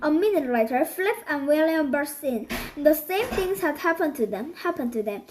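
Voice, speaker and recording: A woman reading a children's book aloud, halting and restarting often. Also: sits high, expressive, darkish tone, a little hiss or hum, rough recording. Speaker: storybook reader.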